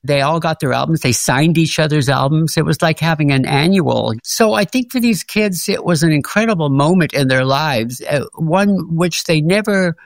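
A man's voice: on the high side, moderate pace, vocal fry, hardly any pauses, dry recording, studio quality. An older man, a former music teacher, telling stories in an interview and laughing often. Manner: warm storytelling, laughs often. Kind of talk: reflective interview.

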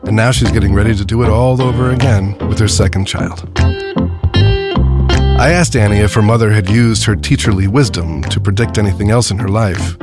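Man, show host, calm scripted narration, loud guitar music behind. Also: lowish voice, brisk. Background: guitar music and crowd sound.

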